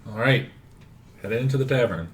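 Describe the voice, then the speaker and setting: A man playing a tabletop game, talking in a halting, dry, deadpan way. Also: medium pitch, slight background noise. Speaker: player.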